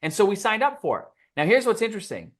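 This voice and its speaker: A man speaking as a podcast guest, telling lively stories and acting out quoted dialogue. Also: high-pitched, fast. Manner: animated, acts out quoted dialogue. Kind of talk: storytelling interview answer.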